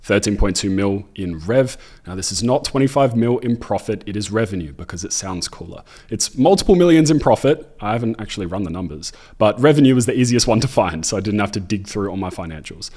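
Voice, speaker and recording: A man's voice: fairly low pitch, expressive, fairly quick, a little mellow. An upbeat young Australian man with an Australian accent, talking casually to camera about running online businesses, with a jokey, self-deprecating manner. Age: 20s. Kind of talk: casual direct-to-camera talk.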